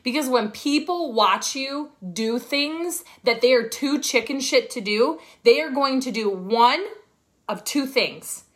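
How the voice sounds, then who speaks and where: A woman's voice: high-pitched, animated, takes it slowly, fairly bright tone. A woman coaching her team on a livestream from her phone, talking in a blunt, profane, fired-up way. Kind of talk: livestream pep talk.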